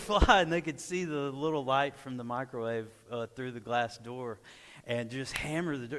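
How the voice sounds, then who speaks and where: Man telling a story in an echoey church. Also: mid-range voice. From Arkansas, USA. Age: 40s. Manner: lively storyteller, acts out quoted dialogue. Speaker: church speaker. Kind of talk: personal storytelling talk. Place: church sanctuary.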